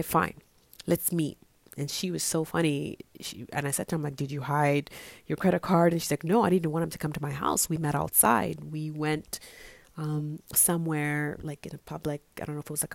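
A woman with a low, gravelly voice tells a friend's story in a casual, chatty way. She acts out the quoted lines as she goes. The sound is dry and close. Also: darkish tone, no echo.

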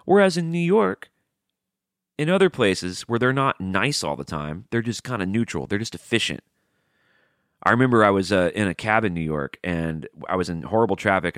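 Low-voiced and recorded dry with studio quality, this middle-aged podcast host from the American South speaks with a Southern accent. He spins stories in a loose, profanity-laced, animated ramble.

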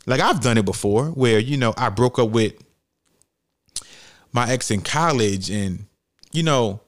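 Blunt, profane New podcast man. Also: medium pitch. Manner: blunt, profane, heated commentary. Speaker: podcast host. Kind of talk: solo podcast monologue.

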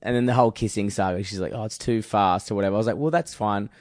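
A man's voice: lowish voice, steady tone, fast talker, darkish tone, no echo, clean studio sound. A young man, a comedian co-hosting a podcast, telling dating stories in a laid-back, swearing, chuckling way. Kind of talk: casual storytelling chat.

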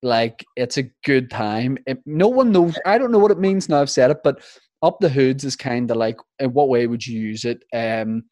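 A man's voice: mid-range voice, lively intonation, moderate pace, darkish tone, no echo, studio quality. A man with a Northern Irish accent hosting a casual interview, chatty and rambling with lots of fillers.

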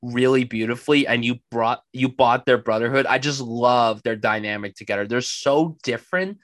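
A man chatting casually about a film he loves on a podcast, enthusiastic and animated. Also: medium pitch, moderate pace, no room sound. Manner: enthusiastic, animated, acts out quotes. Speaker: film reviewer.

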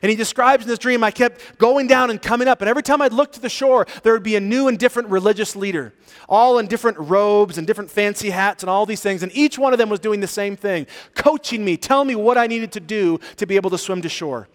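A man preaching a sermon as pastor, telling stories with animated rises and hushed drops for emphasis. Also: high-pitched, quick pace, big-room sound. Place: church sanctuary.

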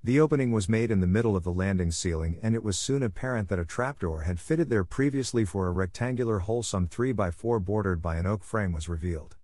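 A man narrating a ghost story in a measured, formal first-person telling. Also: deep voice, darkish tone, dry recording, clean studio sound.

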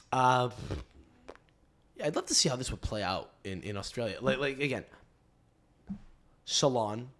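A man hosting a casual podcast, rambling and swearing freely, with frequent restarts. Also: medium pitch. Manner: rambling, profane, restarts often. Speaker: podcast host.

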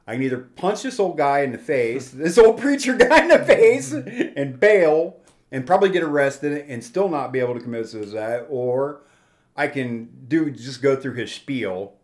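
A man's voice: medium pitch, expressive, normal speed, darkish tone. A man in his forties, a guest telling a personal testimony in a plainspoken, rambling way, with restarts and quoted dialogue.

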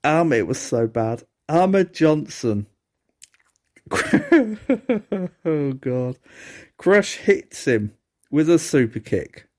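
Male solo podcast host, relaxed and slow, wry and exasperated. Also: medium pitch. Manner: sardonic, exasperated, laughs at the awful match. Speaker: wrestling review podcast host. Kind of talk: casual solo review commentary.

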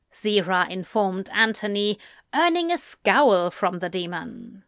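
A woman reading a story aloud at an unhurried pace, her voice bright with a lively, rising and falling melody. The recording is close and dry, with no room echo. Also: mid-range voice, gravelly. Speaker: audiobook narrator. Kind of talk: storybook narration.

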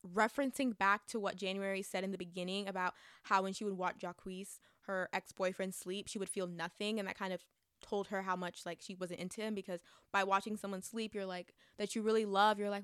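Gushing young woman with a smooth voice. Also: medium pitch, fairly quick, a bit bright, no room sound, clean studio sound. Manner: gushing, chatty, many fillers and restarts. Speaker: book reviewer. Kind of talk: casual book review chat.

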